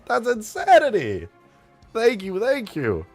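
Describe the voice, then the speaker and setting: Excitable gravelly young streamer man. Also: high voice, slow, soft background music. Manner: excitable, swearing, laughing between lines. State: straining a tired voice. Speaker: streamer and game modder. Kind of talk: live stream, reading tips from chat.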